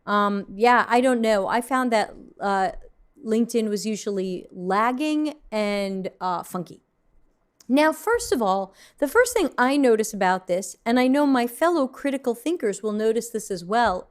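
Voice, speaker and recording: A woman's voice: fairly high pitch, lively intonation, measured pace. Frank woman reacting on a livestream. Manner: frank, mildly snarky, many ums and restarts. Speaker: host reacting to viewer submissions. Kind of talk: casual livestream commentary. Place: at her desk.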